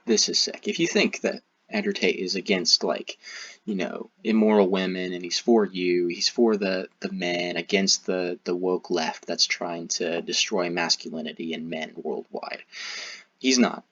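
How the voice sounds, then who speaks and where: A man giving critical commentary in a halting, hesitant way, with frequent restarts. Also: deep voice, a bit bright, no echo. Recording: dull, muffled recording.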